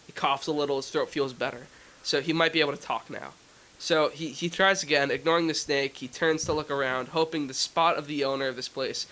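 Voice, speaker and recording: Higher-voiced man telling a story. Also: fairly bright tone. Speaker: co-host. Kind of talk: storytelling on a morning show.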